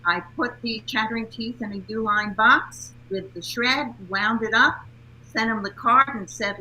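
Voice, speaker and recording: A woman's voice: fairly high pitch, normal speed, pushed and bright, a little hiss or hum, low-quality recording. A woman, a guest speaker and author, telling upbeat anecdotes in a casual interview.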